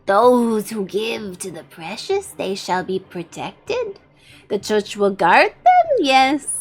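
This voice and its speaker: A woman voicing a scheming male Gollum-like bishop, who preaches a sermon in a drawn-out, hissing, wheedling way. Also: mid-range voice, very animated, soft background music. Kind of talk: fire-and-brimstone sermon role-play.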